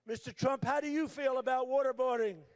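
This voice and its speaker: An older man giving a campaign rally speech at a podium microphone, repetitive and emphatic, shouting at times. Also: very high-pitched, fairly even intonation, a little fast. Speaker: political candidate. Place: large rally venue.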